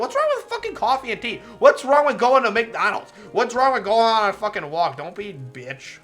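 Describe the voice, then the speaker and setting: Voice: medium pitch, very animated, brisk, hardly any pauses, pushed and bright, faint music behind. Sarcastic, profane game streamer. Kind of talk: casual live-stream game commentary.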